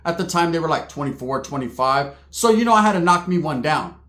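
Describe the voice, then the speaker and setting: Man, comic storyteller, crude slangy delivery, higher register. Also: lively intonation, fairly quick, fairly bright tone. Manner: slangy, crude, laughing asides. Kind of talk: comedic storytelling. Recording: roomy echo.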